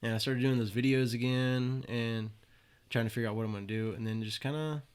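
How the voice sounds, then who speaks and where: This young podcast guest has a clear, resonant mid-range voice, a steady tone, and a fairly quick pace. He tells stories in a relaxed interview style, swearing freely and acting out quoted voices.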